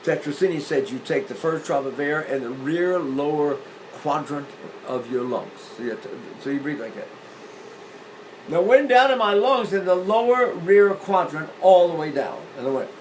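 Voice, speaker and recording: An older man teaching singing, explaining breathing with lively demonstrations, often repeating and restarting phrases. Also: on the high side, normal speed, a little hiss or hum, low-quality recording. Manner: animated, illustrating points with sung demonstrations. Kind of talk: demonstrative vocal lesson.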